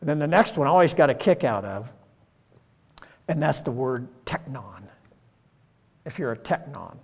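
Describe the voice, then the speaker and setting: Older man preaching in an echoing hall. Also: mid-range voice. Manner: folksy, rhetorical, peppered with "right?" and "you know". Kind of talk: conversational sermon. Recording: long church-hall reverb.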